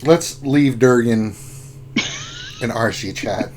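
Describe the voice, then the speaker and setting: A man's voice: medium pitch, slow pace, a little mellow, slight background noise. Playful, teasing male stream co-host. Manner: teasing and playful, laughs often. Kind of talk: casual livestream chat.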